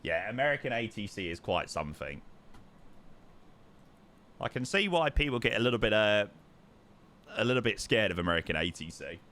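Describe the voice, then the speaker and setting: A man's voice: lowish voice, sing-song, moderate pace, long pauses, sharp tone. A young man chatting casually to his live-stream chat while flying a simulator, repeating words for emphasis. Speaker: livestreamer.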